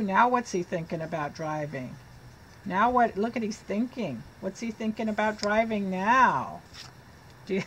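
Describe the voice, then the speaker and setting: A woman's voice: a little high, slight background noise. A middle-aged woman teacher reading picture books aloud to a child and asking questions as she goes. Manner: slow, animated, asks the child questions.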